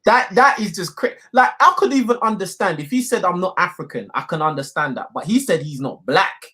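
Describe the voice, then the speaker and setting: A man hosting a call-in show, laid-back and full of slang, with drawn-out reactions. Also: sits high, lively intonation, sharp tone. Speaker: host. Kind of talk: casual call-in chat.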